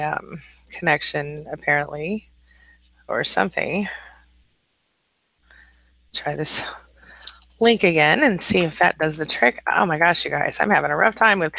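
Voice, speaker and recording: A woman's voice: deep voice, slow pace, gravelly, pauses often, bright, forceful tone, no echo. A woman hosting a casual live-stream coaching chat, laughing often, greeting viewers by name and giving encouraging advice. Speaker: life coach and channel host.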